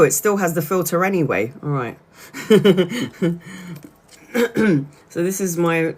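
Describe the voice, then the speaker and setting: A woman from Brazil hosting a casual livestream. She talks chattily, laughs often and restarts her sentences. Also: low voice. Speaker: tarot reader livestream host.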